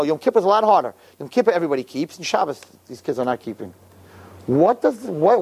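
A man, a rabbi, giving a fiery religious sermon, dropping to low murmurs and then shouting high, emphatic and repetitive, full of Hebrew and Yiddish religious terms.

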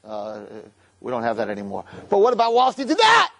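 Sheepish clerks of a heavenly court stammer out their apologies, as a man acts them out in a sermon. They speak low and quietly, hesitating before each answer. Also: steady tone, brisk, vocal fry, breathy edge. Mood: apologetic.

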